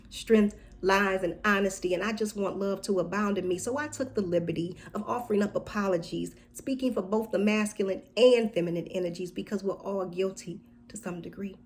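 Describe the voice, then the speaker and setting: Woman reciting slow spoken word poetry. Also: medium pitch. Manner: slow, deliberate, dropping to a soft whisper at times.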